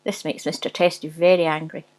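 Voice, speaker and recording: A woman's voice: low-pitched, flat delivery, brisk, darkish tone, rough recording. A woman reading a rude comic story aloud, often giggling as she goes. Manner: giggly, breaking into laughter while reading.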